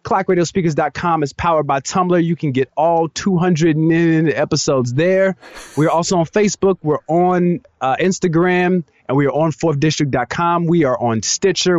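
A man co-hosts a podcast in loose, joking banter, laughing easily and rattling off plugs. His voice sits a little on the high side. It is recorded close and dry, with no room sound. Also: dry recording, dull audio. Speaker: podcast co-host.

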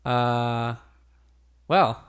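A man's voice: medium pitch, drawn-out words, clear, resonant tone. A man hosting a podcast in casual chat, joking around and riffing on silly bits. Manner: jokey, goofs around with bits and laughter. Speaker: podcast host.

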